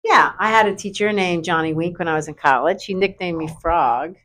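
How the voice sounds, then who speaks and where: Woman, high school English teacher, lowish voice, chatty and animated interview talk. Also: brisk. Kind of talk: casual interview chat.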